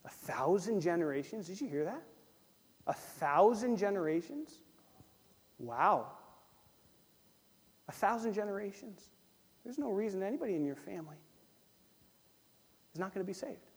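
A man preaches with a fairly high voice, acting out small back-and-forth exchanges and repeating key phrases. His words ring out with a long reverb that fills the church hall. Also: normal speed, long pauses, slightly rough. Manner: animated preaching, acts out little dialogues, repeats phrases. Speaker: pastor. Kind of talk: sermon.

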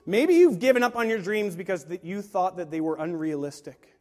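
Male pastor, high voice, emphatic delivery, long hall reverb, sermon. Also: animated, a little fast, darkish tone. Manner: emphatic, rhetorical questions, acts out quoted voices. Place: large room with a live congregation.

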